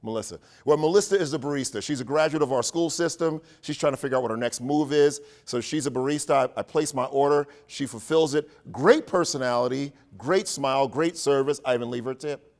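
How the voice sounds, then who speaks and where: A man leading a workshop for educators, telling a playful, animated story and joking with his audience. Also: mid-range voice, fast talker.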